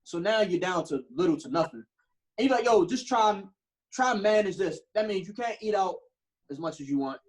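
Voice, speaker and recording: A man's voice: high-pitched, brisk, low-quality recording. A young man co-hosting a podcast, telling stories in casual chat, full of slang and cursing. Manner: animated storytelling with slang and profanity. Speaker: podcast co-host.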